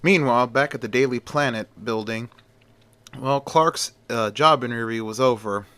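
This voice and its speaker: Bright-voiced man telling a story. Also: mid-range voice, normal speed, no room sound. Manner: rambling, with fillers and restarts. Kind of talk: casual fan story narration.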